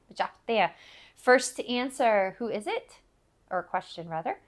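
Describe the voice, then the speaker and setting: A woman teaching a language lesson, repeating foreign phrases slowly and carefully for learners. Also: medium pitch.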